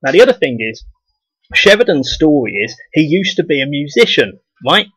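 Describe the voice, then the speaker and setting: A man's voice: a little high, big pitch swings, moderate pace, a bit bright, breathy edge, no echo, poor audio. A man blogging to camera in a blunt, profane, scornful rant. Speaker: video blogger. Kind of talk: casual ranting monologue to camera.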